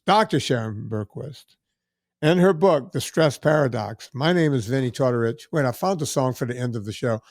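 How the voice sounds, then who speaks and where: A man's voice: medium pitch, a little mellow, dry recording, studio quality. A man hosting a podcast, wrapping up casually with chatty plugs. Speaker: podcast host.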